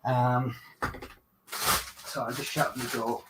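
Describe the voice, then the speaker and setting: A man's voice: mid-range voice, level tone, slow, heavy background noise. Male hobby vlogger, rambling casual storyteller, mid-range voice. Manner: rambling, chatty storyteller who restarts and corrects himself. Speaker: coach driver and crafting vlogger. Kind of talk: casual chat while diamond painting.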